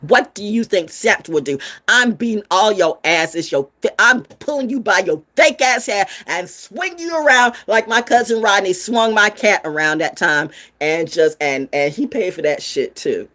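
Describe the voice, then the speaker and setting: A woman's voice: mid-range voice, animated, normal speed, few pauses, bright, forceful tone. A woman delivering a fiery, profane, sermon-style rant, preachy and full of rhetorical questions. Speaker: spiritual vlogger. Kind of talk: ranting sermon-style monologue.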